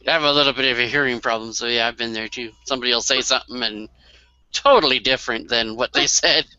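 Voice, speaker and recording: A man's voice: mid-range voice, quick pace, pushed and bright, clean tone, dry recording, lo-fi sound. A man co-hosting a casual chat, easygoing and laughing a lot.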